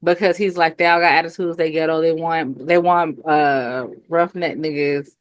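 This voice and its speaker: A woman's voice: sits low, moderate pace, dry recording, studio quality. A woman in her thirties with a Southern US accent, chatting casually as co-host and telling stories with acted-out quotes. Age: 30s. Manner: laughing, animated storytelling with acted quotes. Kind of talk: casual chat.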